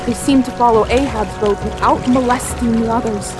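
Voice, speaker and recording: Woman narrating a radio play, dramatic, slow on the suspense bits, music under her. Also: a little high, fairly even intonation, rough recording. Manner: dramatic storytelling, slowing for suspense. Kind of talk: theatrical narration of an audio drama.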